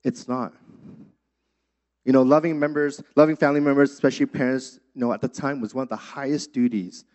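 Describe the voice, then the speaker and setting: A man's voice: medium pitch, dark tone. Conversational young male pastor, dull lo-fi sound. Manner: conversational preaching with frequent "you know" fillers. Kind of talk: sermon.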